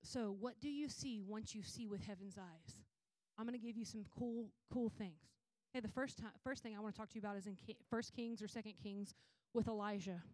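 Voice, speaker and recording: High-voiced woman preacher, dry sound. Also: dry recording. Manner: animated, casual storytelling with slang. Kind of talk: sermon.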